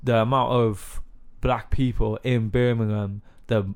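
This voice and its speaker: A man's voice: medium pitch, level tone, a little slow, darkish tone, clear, resonant tone. A young man with a Cardiff accent, a rapper talking in loose casual chat, full of fillers, rambling asides and frequent laughs. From Cardiff, Wales.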